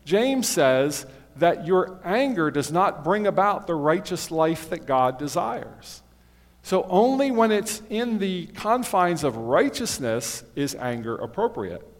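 A male pastor preaching in a large hall, his voice carrying a long reverb. He talks in a loose, conversational way, breaks into forceful bursts now and then, and sits a bit high for a man. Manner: conversational, rising to forceful bursts when quoting. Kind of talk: sermon.

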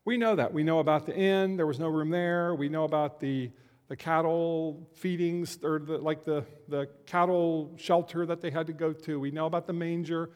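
A man giving a conversational Christmas sermon as a pastor, slowing down to stress key words. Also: a little high, steady tone, darkish tone. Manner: conversational, slows down for emphasis. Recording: long hall reverb.

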